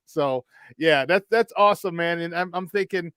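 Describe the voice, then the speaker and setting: Lively, excitable male sports talk host. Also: fairly high pitch, moderate pace, clean tone, no room sound. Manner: excitable, animated storyteller. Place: remote virtual studio.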